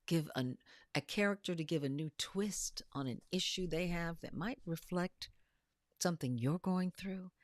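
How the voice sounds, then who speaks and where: A woman with a lowish voice co-hosts a relaxed panel conversation. She tells stories with energy and acts out the lines of the people in them. Her voice sounds dry and close, with no room echo. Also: a little slow. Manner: animated storyteller who acts out quotes. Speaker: podcast co-host. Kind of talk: casual panel chat.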